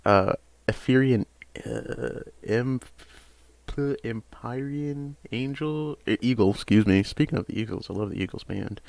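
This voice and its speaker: A young man casually reviewing trading cards, rambling with frequent hesitations and sudden bursts of excitement. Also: medium pitch, a little slow, creaky, no room sound. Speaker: card game channel host.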